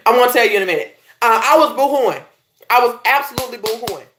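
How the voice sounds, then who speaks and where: A Belizean woman coaching her viewers, her voice swooping high and low as she preaches and calls out to "y'all". She sits a little higher than most women and talks in a direct, fired-up way. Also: fairly bright tone, a little hiss or hum. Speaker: life coach. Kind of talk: motivational talk to viewers.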